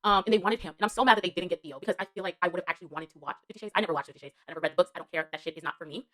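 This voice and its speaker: A woman's voice: lowish voice, very fast, fairly bright tone. A woman giving a casual spoken TV show review as a vlogger. She rambles and gushes, fills her talk with slang and fillers, and laughs between remarks.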